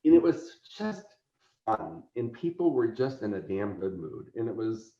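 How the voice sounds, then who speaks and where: Laughing man telling an animated story. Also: lowish voice, unhurried. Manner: laughs often, acts out quotes. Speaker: convention organizer, guest. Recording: roomy echo, dull lo-fi sound.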